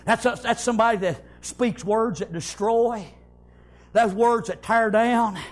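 A man preaching a fiery sermon, shouting in bursts and repeating "praise God" and "amen". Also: high voice, steady tone, a little slow.

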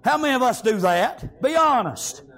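A man preaching a fervent sermon, shouting often and tagging "amen" onto his lines. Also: extremely high pitch, animated, moderate pace.

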